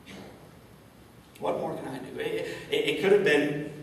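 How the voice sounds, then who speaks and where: Un hombre de San Luis, Misuri, da una charla motivacional, con preguntas retóricas y palabras repetidas al tropezar. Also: male voice, fairly high pitch, normal speed, slight background noise. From St. Louis, Missouri, USA. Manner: stammering repeats, frequent rhetorical questions. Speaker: motivational speaker. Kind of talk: inspirational keynote talk. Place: large event hall, indoors. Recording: echoey hall, speaker far from mic.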